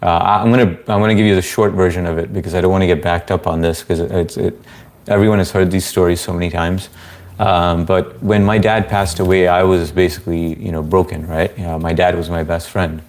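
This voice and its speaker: Low-voiced man hosting a casual live stream. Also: level tone, a little fast, darkish tone. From Indian family background. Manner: laid-back, rambling, many fillers. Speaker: livestream host. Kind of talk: casual live chat reading comments.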